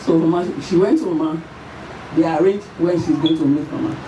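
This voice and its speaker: A Nigerian woman giving an emotional tribute at a memorial service, her voice shaking as she tells the story in halting, repeated phrases. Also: deep voice, dark tone. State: tearful, voice shaking. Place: church or event hall at a memorial service. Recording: echoey hall, far from the mic, faint noise.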